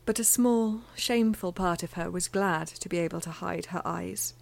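A woman reading a novel aloud in a measured, intimate way, sometimes dropping to a near-whisper. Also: lowish voice, vocal fry. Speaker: audiobook narrator. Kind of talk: scripted fiction narration.

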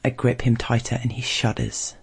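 A man reading a first-person erotic story aloud in a low, measured, intimate way. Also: little pitch movement, creaky, breathy edge.

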